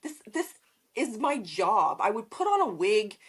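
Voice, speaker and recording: A woman's voice: medium pitch, big pitch swings, measured pace, slightly rough. A woman talking bluntly as a podcast guest, swearing freely and laughing often. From Canada. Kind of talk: casual interview chat.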